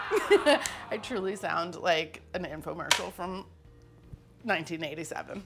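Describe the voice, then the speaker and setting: A woman's voice: on the low side, lively intonation, a little slow, gravelly, pauses often, music in the background. A woman hosting a cooking show, talking casually and poking fun at herself while she cooks in a kitchen. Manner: chatty and self-mocking, with frequent laughs.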